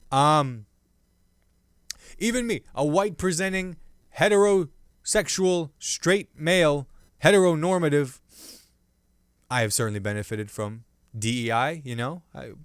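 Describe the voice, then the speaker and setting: A male comedian hosting his own podcast, riffing loosely on the news with self-mocking jokes and sudden loud bursts between hushed asides. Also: medium pitch, clear, resonant tone, no echo, studio quality. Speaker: podcast host and stand-up comedian.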